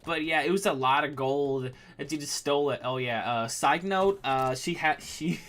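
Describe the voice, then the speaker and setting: Talking at normal speed in a fairly bright voice that's a little high, a man plays a game on stream. He chats casually about his tabletop campaign, rambling with many fillers and restarts.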